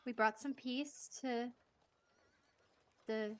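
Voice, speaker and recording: A woman's voice: a little high, steady tone. Rosie, a woman playing an eager mother. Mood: tender. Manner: eager, fussing, halting. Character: Rosie, a warm mother greeting her child.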